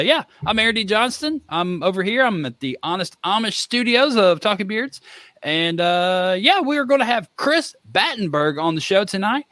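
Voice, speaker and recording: A man hosting a podcast in casual chat, excitable and joking. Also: high-pitched, dry recording. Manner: excitable, joking, jumpy delivery. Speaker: podcast host.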